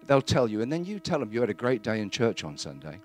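A man giving a plain-spoken, earnest testimony in church, halting now and then with fillers. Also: mid-range voice, very animated.

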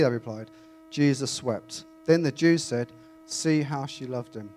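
A man reading scripture aloud and then preaching in a chatty, animated way to a congregation. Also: medium pitch, unhurried. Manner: conversational, animated, self-interrupting. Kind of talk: Bible reading and informal sermon. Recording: faint mains hum.

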